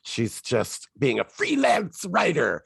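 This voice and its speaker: A man's voice: on the high side, wildly swooping pitch, slow pace, creaky, fairly bright tone, breathy edge, dry recording, clean studio sound. A man co-hosting a podcast in casual chat, with wry, mock-outraged banter. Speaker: podcast co-host.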